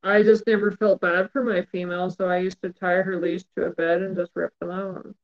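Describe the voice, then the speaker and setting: A man's voice: sits high, flat delivery, brisk, highs cut off. A man chatting casually, hesitant, often trailing off with fillers and small laughs. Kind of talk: casual chat.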